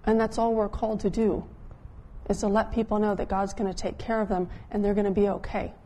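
A woman pastor telling a story in a conversational sermon, dropping her voice softer when she quotes people. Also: medium pitch, level tone, a little fast, a little hiss or hum. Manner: conversational, drops softer when quoting others.

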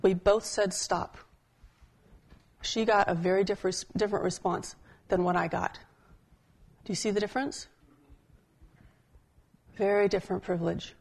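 A woman pastor preaches a sermon at a middle pitch. She talks in an easy, storytelling way and slows down to let key points sink in. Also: fairly even intonation, vocal fry. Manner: conversational storytelling preaching, slowing for emphasis.

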